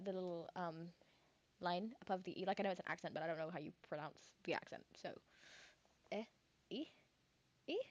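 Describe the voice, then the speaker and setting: A woman's voice: medium pitch, lo-fi sound. A woman, chatting casually and thinking aloud while streaming a game, with lots of fillers and rambling asides. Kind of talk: casual gameplay commentary.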